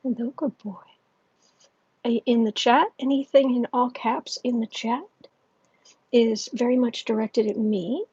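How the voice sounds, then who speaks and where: A woman hosting a livestream as a tarot reader, chatting casually with many fillers and restarts, speaking softly and gently and sometimes dropping to a near whisper. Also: a little high, fairly even intonation, unhurried, breathy edge, no echo, muffled recording. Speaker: tarot reader and channel host.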